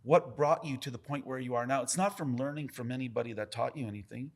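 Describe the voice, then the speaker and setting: Tattoo guy on a podcast, blunt, swears a lot, tells stories all animated. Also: medium pitch, fast talker, gravelly. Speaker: tattoo artist guest. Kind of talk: casual podcast conversation.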